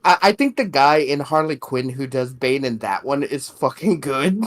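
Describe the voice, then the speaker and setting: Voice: mid-range voice, lively intonation, normal speed, faint music behind. A podcast co-host in a casual chat who talks loosely, swears freely and keeps laughing between words. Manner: giggly, loose and profane, laughs through sentences.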